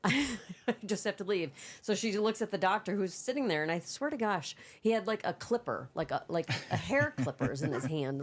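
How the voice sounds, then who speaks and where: A woman co-hosting a podcast, telling a long, rambling story in casual chat. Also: deep voice. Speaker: podcast co-host.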